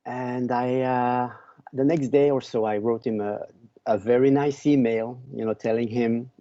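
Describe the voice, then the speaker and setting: A man from Belgium, a podcast guest who tells a long story slowly and often repeats words as he searches for them. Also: mid-range voice, fairly even intonation, dark tone, dry recording, muffled recording. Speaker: podcast guest, book author.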